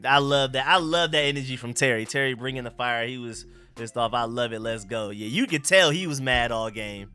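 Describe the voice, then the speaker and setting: Young man, live game reaction host, hyped slangy talk, forceful tone, soft music underneath. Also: medium pitch, a little fast, clean tone. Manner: hyped, repeats phrases, slangy street talk. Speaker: sports live stream host.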